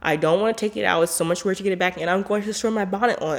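A woman's voice: medium pitch, rapid-fire. A woman hosting a podcast in a casual monologue, blunt, emphatic and profane, filling her talk with "like". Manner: animated, with frequent "like" fillers. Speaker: podcast host.

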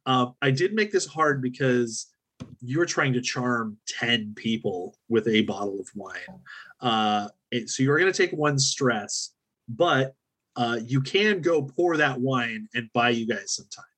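A man running a tabletop role-playing game as game master, relaxed and joking as he rules on dice rolls. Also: mid-range voice, unhurried, husky.

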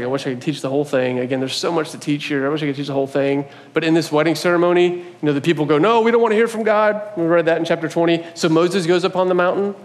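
Male pastor, fairly high voice, animated sermon storytelling, long church-hall reverb. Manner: animated storytelling, voicing God and others in quotes. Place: church sanctuary.

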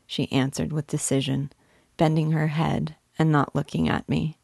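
A woman giving an unhurried literary reading of a novel. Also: deep voice, little pitch movement, gravelly, a little mellow, slightly rough, dry recording, studio quality. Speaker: reader.

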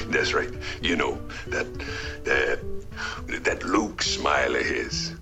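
An actor playing a male convict who fondly recalls a friend, in a slow gravelly drawl, from a film clip. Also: extremely low pitch, full character voice. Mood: fond, wistful. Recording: film clip with guitar score.

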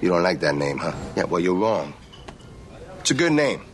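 An actor playing an older male mob boss who speaks in a calm, commanding and quietly threatening way, in a TV clip. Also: low-pitched, normal speed. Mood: menacing calm. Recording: TV clip with music beneath.

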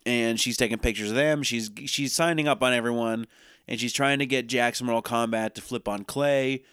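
A man co-hosting a casual chat, recapping a show in loose, profane talk and slipping into quick mock voices. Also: mid-range voice, fairly even intonation, fairly bright tone, clear, resonant tone, no room sound, studio quality. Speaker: podcast co-host recapping a TV series.

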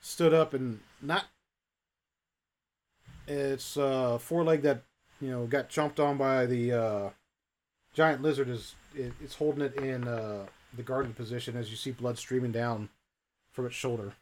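A man's voice: medium pitch, fairly even intonation, unhurried, long pauses. Guy running a tabletop game, rambly narration, lots of uh and restarts. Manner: rambling, many fillers and restarts. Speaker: game master.

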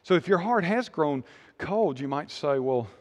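A man with a high voice preaching earnestly from the pulpit. He hammers his points home with repeated phrases and quick restarts, sometimes dropping low and soft. His voice rings out with a long hall reverb behind it. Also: animated. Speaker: pastor. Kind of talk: sermon.

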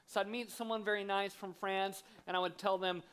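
A man, a guest preacher giving a sermon in a church, lively and self-deprecating as he acts out funny stories. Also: sits high, a little fast, clean tone. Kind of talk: sermon with humorous storytelling. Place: church sanctuary.

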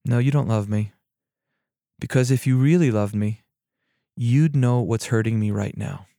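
A man voicing a hurt, quiet male peasant friend who reproaches his companion for not truly listening, told within a spoken story. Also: medium pitch, unhurried, creaky, no echo, clean studio sound. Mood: sorrowful.

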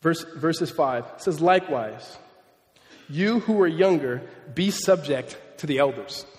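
A male pastor of about thirty delivers a sermon in a chatty, animated style, weaving in funny stories about his family. His voice sits slightly high and moves a bit slowly, with a long reverb tail trailing behind.

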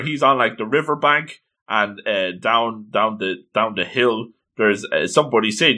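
A man casually recapping a story, retelling scenes with lively quoted asides. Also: mid-range voice, moderate pace, few pauses. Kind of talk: casual recap of an anime episode.

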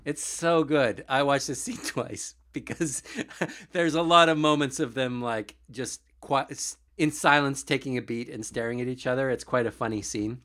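A man's voice: mid-range voice, moderate pace, a bit bright. A man co-hosting a podcast, casually recapping a scene with frequent amused chuckles. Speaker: podcast co-host. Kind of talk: casual chat recapping an episode.

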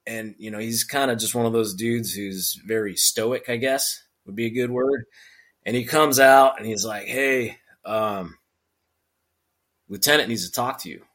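Brief: middle-aged man, ex-Marine storyteller, animated, laughs often, mid-pitched. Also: unhurried. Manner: animated, acts out quotes with laughs. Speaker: podcast guest, former Marine sergeant. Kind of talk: casual storytelling.

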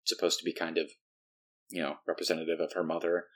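A man co-hosting a casual movie podcast, talking in an animated way and laughing often. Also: sits low, quick pace. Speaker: podcast co-host.

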